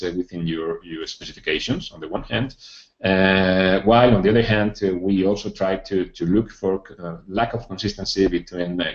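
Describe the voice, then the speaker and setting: A man giving a technical presentation at a training session, halting with many filler sounds and restarts. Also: low-pitched. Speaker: project presenter. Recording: dull echoey room recording.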